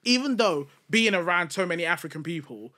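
Animated high-voiced man chatting. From United Kingdom. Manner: animated, storytelling with quick restarts. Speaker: podcast co-host. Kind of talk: casual chat.

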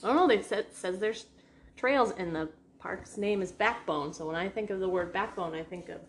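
A vlogger with a New England accent chats casually inside a rented house, rambling with lots of fillers and restarts. Her voice is mid-range at a normal speed, with a little hiss or hum in the background.

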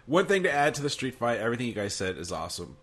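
A man's voice: medium pitch, very animated, racing, fairly bright tone. A man chatting casually as a podcast co-host, easygoing and self-mocking. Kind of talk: casual chat.

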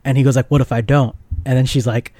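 A young man co-hosting a podcast, excitedly retelling film scenes in casual slang, laughing often and saying "like" a lot. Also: medium pitch, fast, no room sound. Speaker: podcast co-host. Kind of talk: casual chat.

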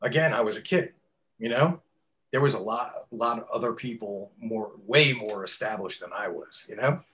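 A middle-aged man, a tattoo artist telling stories in an interview, swearing often and acting out quotes loudly. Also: on the low side, normal speed. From New York. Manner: animated, profane storyteller who acts out quotes loudly. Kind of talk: casual storytelling interview.

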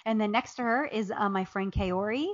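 A woman's voice: mid-range voice, normal speed, no echo, dull audio. A woman from Ohio, an author chatting as a guest in an interview, telling funny stories and laughing often. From Ohio, USA. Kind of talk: casual interview chat.

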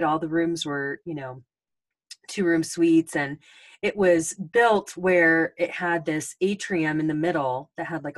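Woman, 40s, podcast host; casual storyteller, filler-heavy, low register, dry close mic. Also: no echo. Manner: chatty, with many ums and restarts.

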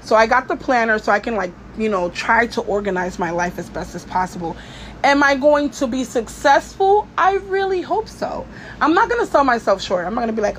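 A woman's voice: a little high, fairly quick, a little hiss or hum. A woman hosting her own podcast, venting in a casual, blunt and profane way, with lots of "you know" fillers. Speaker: podcast host.

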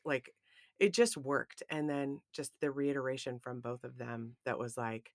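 A woman co-hosting a podcast, talking in a casual, emotional and expressive way about a friendship. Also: very deep voice, a little slow, no echo, clean studio sound. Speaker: podcast co-host. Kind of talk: casual chat.

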